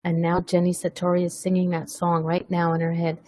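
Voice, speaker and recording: A woman's voice: lowish voice, monotone, fairly quick, dark tone, no room sound. Chatty, self-mocking woman hosting a webcast. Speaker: webcast host. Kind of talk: casual chat.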